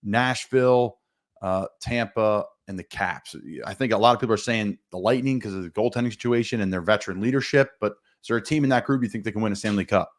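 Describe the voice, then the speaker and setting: Quick-talking sports podcast host guy, kinda deep, rambles into his questions. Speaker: podcast host, former NFL player. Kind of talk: casual sports talk.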